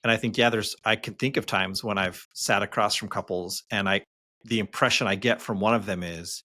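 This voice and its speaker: A man, a therapist co-hosting a podcast, speaking in a loose, relaxed way with lots of fillers. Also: lowish voice, a little fast, no room sound, clean studio sound. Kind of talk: casual podcast discussion.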